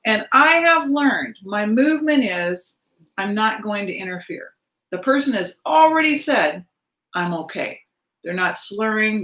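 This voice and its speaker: A woman in her fifties tells a personal story in a loose, chatty monologue. Her voice sits at an ordinary middle pitch, and she slips into the voices of the people she met. The recording carries a noticeable room echo. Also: a bit bright. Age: 50s. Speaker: spiritual vlogger.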